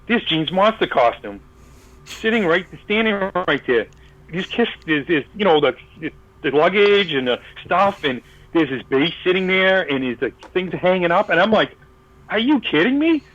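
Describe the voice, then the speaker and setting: A man's voice: on the high side, lively intonation, moderate pace, a bit bright, no room sound, muffled recording. A man telling a long story in casual podcast chat, acting out the voices of the people in it, with many fillers and restarts. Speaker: podcast guest.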